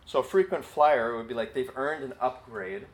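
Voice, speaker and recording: A man teaching a sermon in a relaxed, conversational way, full of fillers like "like" and "you know". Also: medium pitch, normal speed, low-quality recording. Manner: conversational, with many fillers and acted quotes. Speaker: Bible teacher.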